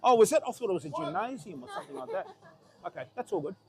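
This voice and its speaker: A man announcing lifters at a powerlifting competition, chatty and musing aloud between loud cheers for good lifts. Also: high voice, big pitch swings, rapid-fire, a crowd in the background. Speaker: meet announcer. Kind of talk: live powerlifting commentary.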